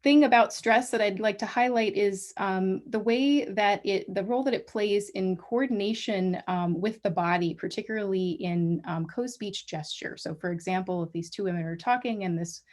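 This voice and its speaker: A woman giving an academic colloquium talk over a video call, measured and full of small restarts. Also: mid-range voice, a little mellow. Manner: measured, many ums and restarts. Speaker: guest lecturer.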